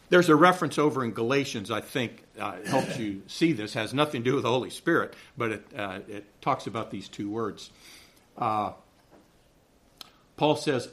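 A man's voice: medium pitch, a bit bright. A man with a Southern American accent teaching a church Sunday school class, explaining things in a chatty, reassuring way and often checking in with "okay?". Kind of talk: Bible class lecture.

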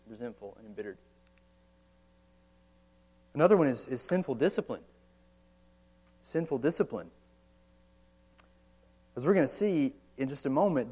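With a medium-pitched, somewhat mellow voice, a man in his thirties with an American accent preaches in a church or meeting hall. The pastor's sermon is conversational, marked by frequent rhetorical questions and casual asides.

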